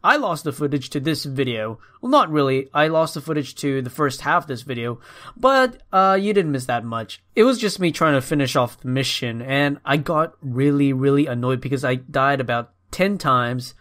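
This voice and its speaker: A young man hosting casual gameplay commentary, excitable and swearing, ranting at the characters on screen. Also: medium pitch, normal speed. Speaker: gaming video host.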